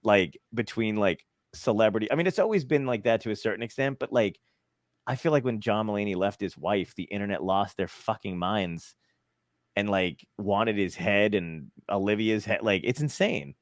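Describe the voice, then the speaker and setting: A man's voice: lowish voice, normal speed, dry recording, clean studio sound. Laughing, swearing man hosting a podcast. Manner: rambling, laughing, swears often. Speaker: podcast host. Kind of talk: casual chat.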